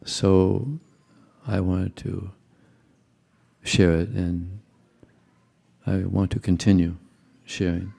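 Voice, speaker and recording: Older guy telling stories at a temple talk, deep mellow voice. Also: level tone, extremely slow, creaky, pauses often, husky. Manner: anecdotal, chuckling, conversational storyteller. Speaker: temple speaker. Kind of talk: devotional talk to a congregation.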